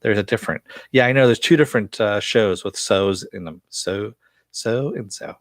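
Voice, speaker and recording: A low-voiced man rambles through an episode recap, swearing freely and filling pauses with "uh" and "you know." The sound is dry and close to the mic, with no room around it. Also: dry recording. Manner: loose, profane, chatty with frequent fillers. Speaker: show reviewer.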